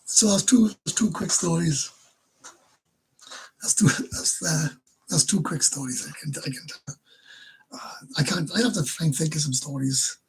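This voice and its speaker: Very husky Welsh man telling crude stories. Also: fairly high pitch, moderate pace, pauses often, a little mellow, poor audio. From Wales. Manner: crude, swears constantly, laughs mid-story, stumbles and restarts. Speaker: live stream host. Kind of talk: casual storytelling to viewers.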